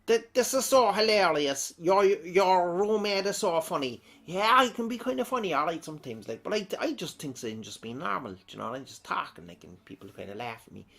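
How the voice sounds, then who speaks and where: Irish male comic vlogger reading comments, bright, animated delivery that rambles and laughs a lot. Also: sits high, fairly quick, vocal fry, few pauses. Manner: rambling, chatty, laughs often. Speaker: comedic vlogger.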